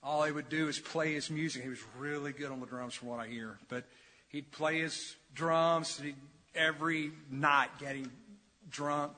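A man preaching an expository sermon as pastor, dramatic and conversational, swinging from quiet asides to loud emphatic peaks. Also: on the high side, fairly even intonation, moderate pace. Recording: long reverb of a large church hall.

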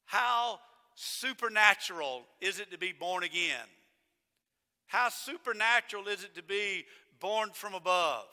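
A male pastor preaching a sermon, emphatic, repeating phrases and slowing right down to stress key words. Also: sits high, lively intonation, pushed and bright. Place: church sanctuary. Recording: long church reverb.

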